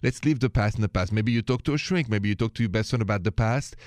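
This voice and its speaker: A man's voice: fairly low pitch, fast talker, no echo, studio quality. A man hosting a late-night radio advice show, chatting and encouraging callers. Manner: warm, encouraging, speaks with a thick accent. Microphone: studio microphone.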